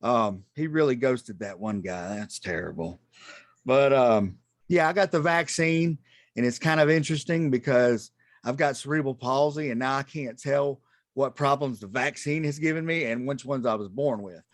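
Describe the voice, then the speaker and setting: A man doing a stand-up comedy set on a club stage, self-deprecating and halting, with many ums and restarts. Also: medium pitch, no room sound, studio quality.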